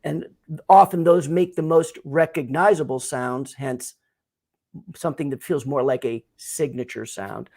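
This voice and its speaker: An older man, a sound designer guest, explaining his work in a measured, thoughtful way in a casual interview. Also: on the high side, a little mellow.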